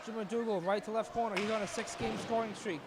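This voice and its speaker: This live hockey play-by-play comes from a high-voiced male commentator, with noise in the background. His calls are rapid and excitable, climbing into shouts on scoring chances.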